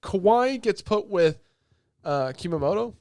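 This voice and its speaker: A man co-hosting a podcast, excitedly retelling scenes in casual chat and swearing often. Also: high-pitched, unhurried, dry recording. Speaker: podcast co-host.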